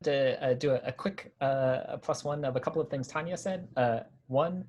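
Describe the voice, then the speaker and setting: A man's voice: mid-range voice, normal speed, darkish tone, slight background noise. A man on a panel talking casually with hesitant fillers.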